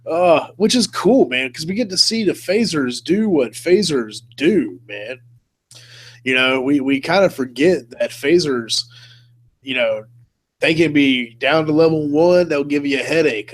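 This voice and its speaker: A laid-back man hosts a casual live-stream chat, laughing often and tossing in "man" and "dude". His voice sits a little higher than most men's. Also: a little slow. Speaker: host.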